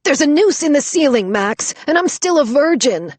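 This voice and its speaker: A woman's voice: mid-range voice, fairly even intonation, a little slow, dry recording, close to an everyday voice. A woman narrating an audiobook, voicing a frantic, whiny young man who pleads in a panic. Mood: panicked. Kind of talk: audiobook character voice.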